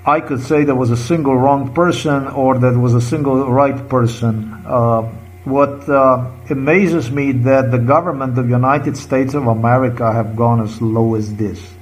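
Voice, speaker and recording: A man's voice: mid-range voice, steady tone, rough recording. A man, speaking English in an emotional, insistent personal monologue full of fillers and restarts. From Slovenia. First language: Slovenian. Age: 50s. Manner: halting, many fillers and restarts. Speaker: vlogger.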